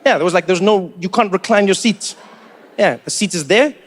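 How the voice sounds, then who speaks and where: A man, doing an animated stand-up routine full of incredulous questions. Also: high-pitched, fairly quick. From South Africa. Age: 40s. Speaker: stand-up comedian.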